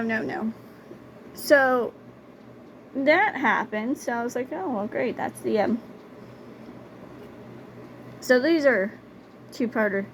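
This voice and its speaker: Here a storytime vlogger with a voice on the high side shares personal anecdotes over a noisy background. The young woman is blunt and casual, doubling up on words to stress them.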